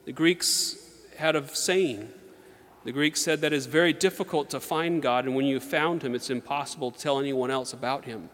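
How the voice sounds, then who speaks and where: A man giving a sermon in an earnest, measured way, reading slowly and with emphasis. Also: medium pitch, fairly bright tone. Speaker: preacher. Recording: long hall reverb.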